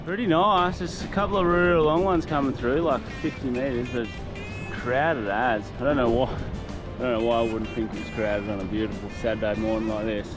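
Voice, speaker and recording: A man in his thirties with an Australian accent, chatting casually in a travel vlog, relaxed and laughing often. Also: mid-range voice, a little fast. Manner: laid-back, laughs often, storytelling. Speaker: vlogger. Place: outdoors, coast and van. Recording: music playing over the voice.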